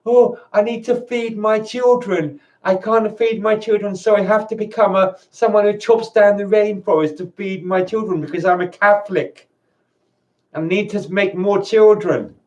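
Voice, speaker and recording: A man's voice: high voice, steady tone, normal speed, a little mellow, dull audio, pitched above the performer's own voice, lightly acted. A man doing a whiny, pleading father. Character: whiny male parent who keeps having children.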